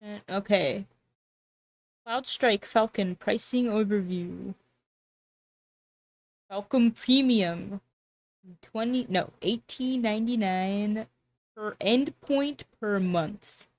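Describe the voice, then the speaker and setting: A woman's voice: mid-range voice, takes it slowly, pauses often. A woman streamer chatting casually and sarcastically, often trailing off and restarting her sentences. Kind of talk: casual livestream chat.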